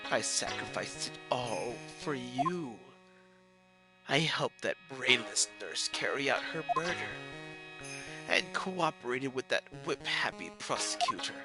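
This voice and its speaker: A man's voice: medium pitch, animated, over music. A man reading as a scheming imprisoned mother. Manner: cold, slow and menacing. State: stuffy nose. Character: scheming vengeful older woman, imprisoned mother.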